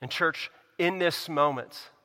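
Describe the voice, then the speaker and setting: Preaching man with bright, echoing voice. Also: slow. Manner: earnest preaching, swings between loud emphasis and hushed low lines. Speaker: pastor. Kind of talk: sermon. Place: church sanctuary. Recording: long reverb of a church hall.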